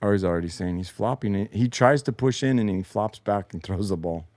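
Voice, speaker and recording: Low-voiced guy ranting over game replays, sarcastic, cusses a lot, dry close mic. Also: brisk, darkish tone, no room sound. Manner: frustrated, sarcastic, swears a lot. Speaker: show host. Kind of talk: profane post-game replay commentary. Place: home basement.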